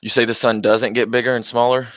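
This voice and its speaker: A man's voice: medium pitch, little pitch movement, quick pace, fairly bright tone, no echo. A young man hosting a casual livestream, reading chat aloud and trading mocking, profane jabs with commenters while laughing often. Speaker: livestream host.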